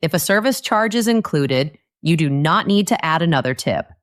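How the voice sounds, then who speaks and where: A woman narrating a scripted English lesson, speaking clearly and patiently and acting out short dialogue lines. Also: low-pitched, lively intonation, moderate pace. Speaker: English teacher.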